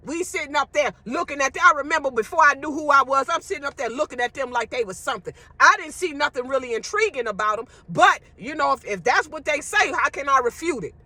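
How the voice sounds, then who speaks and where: A woman's voice: high-pitched, lively intonation, fast, hardly any pauses, bright, forceful tone, no echo. A woman delivering a blunt, emphatic rant to her viewers, with profanity. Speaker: social media commentator. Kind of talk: ranting monologue to viewers.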